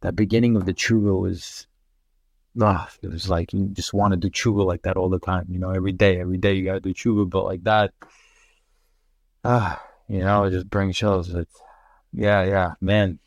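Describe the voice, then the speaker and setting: A man's voice: sits low, little pitch movement, moderate pace, no echo, clean studio sound. A man with a New York accent, a podcast guest telling a heartfelt personal story in casual conversation, full of fillers and restarts. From Russia. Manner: earnest, emotional storytelling with many fillers.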